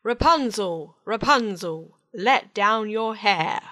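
Give me a woman reading as an older demanding fairytale mother, slow and sing-song. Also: mid-range voice, lively intonation, pushed and bright. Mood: calling.

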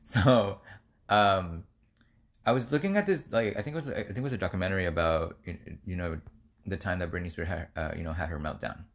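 A man's voice: low-pitched, a little fast. A man co-hosting a podcast, rambling casually with lots of fillers. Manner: rambling, many fillers, laughs easily. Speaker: podcast co-host. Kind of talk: casual chat.

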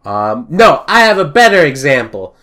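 A young man chatting casually on a podcast, rambling and joking, and acting out little shouted scenes. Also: fairly high pitch, big pitch swings, normal speed. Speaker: podcast host. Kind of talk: casual chat.

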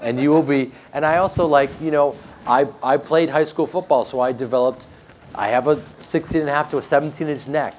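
A man with a flat Midwestern American accent, interviewed about his acting work, joking and self-deprecating with frequent restarts. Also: fairly high pitch, fairly quick, slight background noise. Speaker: actor interviewed. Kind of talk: casual interview chat.

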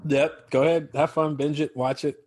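Husky-voiced American man telling stories. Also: fairly high pitch, moderate pace, dry recording. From Chicago, United States. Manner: animated storyteller, laughs often. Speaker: actor guest. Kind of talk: casual interview chat.

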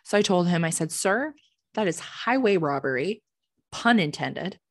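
A young Canadian woman co-hosting a casual podcast from home, telling animated stories and swearing freely. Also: fairly low pitch, normal speed, no room sound, studio quality. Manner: swears freely, animated storytelling with quoted voices. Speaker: podcast co-host. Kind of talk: casual chat.

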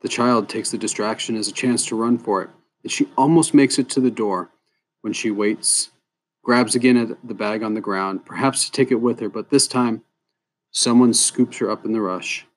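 Low-voiced man narrating a fantasy tale. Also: steady tone, moderate pace. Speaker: storyteller. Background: soft guitar music.

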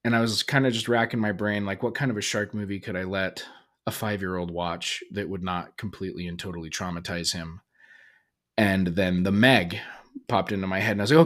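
A man's voice: fairly low pitch, fairly even intonation, brisk, fairly bright tone. A man in his thirties hosting a casual solo podcast, telling a family story in a rambling way with restarts and fillers. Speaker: podcast host.

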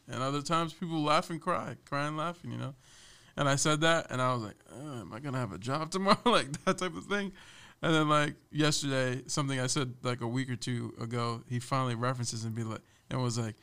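A man's voice: medium pitch, brisk, creaky, clear, resonant tone. A young man, a podcast guest, chatting casually and animatedly, laughing often and mimicking others. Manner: animated storyteller, laughs often, mimics his boss loudly. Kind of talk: casual chat.

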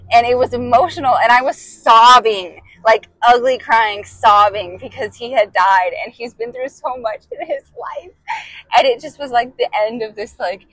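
A young woman co-hosts a podcast in a casual chat, telling stories animatedly and laughing often. Her voice is fairly high, and the audio is poor, though there's no echo.

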